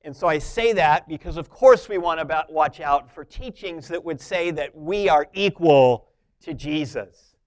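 A man preaching a sermon, moving between soft, intimate asides and loud, emphatic points. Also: on the high side, a little slow. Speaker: pastor.

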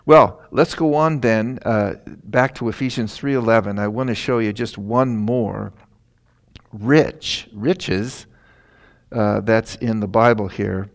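A man's voice: fairly low pitch, slow, creaky. A middle-aged man preaching a sermon in a folksy, storytelling way, with emphatic lines.

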